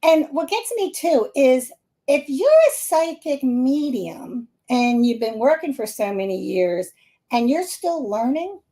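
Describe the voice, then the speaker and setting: Chatty high-voiced woman from the Philadelphia area. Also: a little slow. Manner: chatty, animated, laughing often. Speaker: psychic medium hosting a live stream. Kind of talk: casual live-stream talk to viewers.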